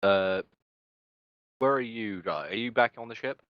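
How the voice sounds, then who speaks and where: A man narrating as game master of a tabletop game, halting and hesitant as he describes scenes. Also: fairly low pitch, no echo, highs cut off.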